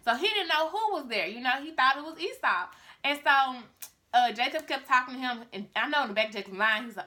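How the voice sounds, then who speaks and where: A woman vlogger retelling a Bible story in casual, chatty talk aimed at her viewers. Her voice sits high and sounds bright. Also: expressive, fast.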